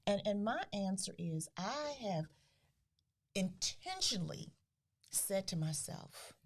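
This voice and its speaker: A middle-aged woman who founded a grief foundation, speaking earnestly as a podcast guest, with soft, breathy trailing phrases. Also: medium pitch, big pitch swings, takes it slowly. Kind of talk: podcast interview.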